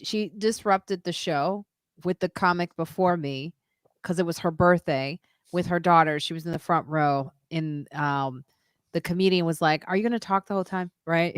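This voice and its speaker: A woman comedian co-hosting a podcast, chatting casually and telling stories in an animated way with frequent laughter. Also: fairly low pitch, moderate pace, clear, resonant tone, no room sound, studio quality. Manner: animated storyteller, laughs often. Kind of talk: casual chat.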